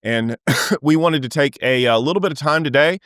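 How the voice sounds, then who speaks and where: A man hosting a podcast from a hotel room in a relaxed, joking way, stumbling and repeating words, on a remote call microphone. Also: fairly high pitch, moderate pace, clear, resonant tone, dry recording, clean studio sound. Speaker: podcast host.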